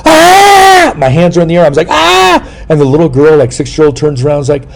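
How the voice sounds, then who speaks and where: A middle-aged man hosting a casual interview chat, telling rambling, jokey stories and breaking into sudden loud yelps. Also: a little high, steady tone, rapid-fire. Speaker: podcast host.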